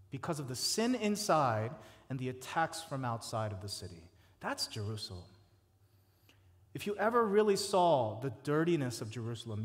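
A man preaching a sermon, stacking words with rising force and dropping soft and low for quoted laments. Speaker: pastor. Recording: reverberant hall.

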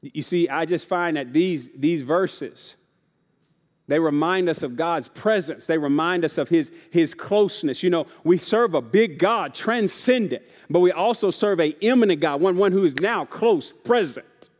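High-voiced preacher in a reverberant church. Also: male voice, measured pace. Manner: call-and-response preaching, often asks the congregation if they are ready; casual, folksy delivery with repeated phrases. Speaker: pastor. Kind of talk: sermon. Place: church sanctuary. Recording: long reverb of a large church hall.

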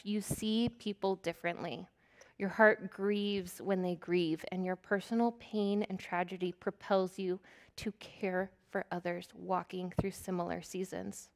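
Earnest woman preaching with soft whispered asides. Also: medium pitch. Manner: earnest, candid, laughs at herself, drops into soft whispers. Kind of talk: sermon.

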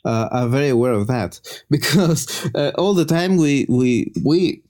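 Chilean man, native Spanish speaker, podcast guest; mellow voice, animated explainer. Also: measured pace. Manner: explanatory, with lively pitch jumps. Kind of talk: conversational podcast chat.

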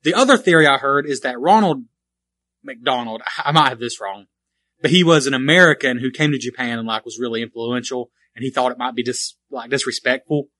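A man's voice: medium pitch, fairly quick, sharp tone, no echo. A man co-hosting a casual podcast about retro video games, rambling and correcting himself as he goes, often laughing. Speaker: podcast co-host.

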